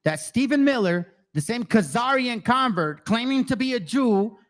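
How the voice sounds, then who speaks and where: A man's voice: very high voice, expressive, normal speed. A man giving heated, profane commentary on video clips, ranting angrily.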